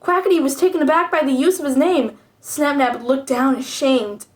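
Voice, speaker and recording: Young woman, high voice, snarky, profane, casual fanfic reading. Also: normal speed, few pauses. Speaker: video creator reading fanfiction.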